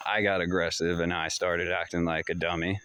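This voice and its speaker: A man's voice: sits low, little pitch movement, fairly quick, bright, forceful tone, clean tone, no echo. A man casually telling a story to the camera, rambling and repeating himself in loose, slangy talk. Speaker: vlogger. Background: dogs barking and distant fireworks.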